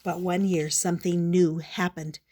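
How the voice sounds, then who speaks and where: An older woman reading a children's picture book aloud in a gentle, measured storybook manner. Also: on the low side, little pitch movement.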